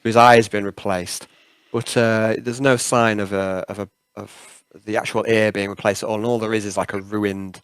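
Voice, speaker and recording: A man narrating as game master of a tabletop game, halting and full of fillers. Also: fairly low pitch, level tone, clean tone, no room sound. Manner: halting, many fillers, laughs at himself.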